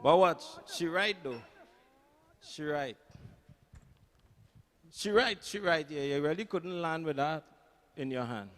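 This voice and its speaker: A man's voice: a little high, takes it slowly, long pauses, a bit bright, a little hiss or hum. A man hosting a radio show, joking and laughing in casual on-air banter.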